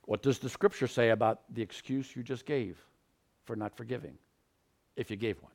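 A man preaching a sermon, moving from quiet, earnest teaching to loud, pleading peaks. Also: mid-range voice, moderate pace.

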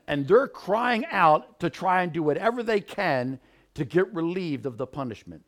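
A man preaching a sermon, moving from quiet, earnest teaching to loud, pleading peaks. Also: fairly high pitch, very animated, a little slow.

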